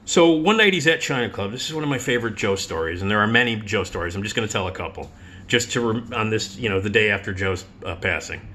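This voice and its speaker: A middle-aged radio host with a lowish voice talks quickly over slight background noise, delivering a casual storytelling monologue. Animated and profane, he swears freely and laughs through his personal stories.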